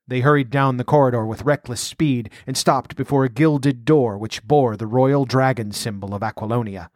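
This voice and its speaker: A man narrating an adventure story aloud in a measured, dramatic reading. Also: medium pitch, a little mellow, dry recording, clean studio sound. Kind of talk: audiobook narration.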